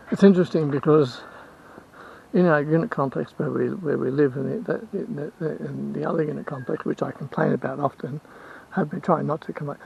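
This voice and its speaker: A man's voice: on the high side, brisk, gravelly, highs cut off, a little hiss or hum. A man with an Australian accent, rambling and complaining in a casual vlog rant, repeating himself as he goes. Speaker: vlogger and house sitter.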